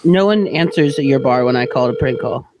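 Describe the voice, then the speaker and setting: A man's voice: mid-range voice, expressive, brisk, crowd noise. A man hosting a podcast, joking around with crude banter in casual chat. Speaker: podcast host.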